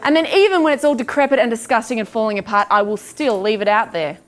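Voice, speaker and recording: A young woman doing a stand-up comedy set on stage, self-deprecating, with quick asides and acted-out quotes. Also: a little high. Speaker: stand-up comic. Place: comedy stage before live audience. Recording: live room with audience laughter and noise.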